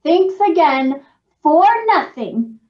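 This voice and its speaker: A sarcastic, spoiled daughter, acted out by a woman who drawls every word very slowly with disdain. Her voice is fairly high. She sounds set back from the mic in an echoey room with a dull, muffled tone. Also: expressive, far from the mic. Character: snide spoiled adult daughter of a rich man.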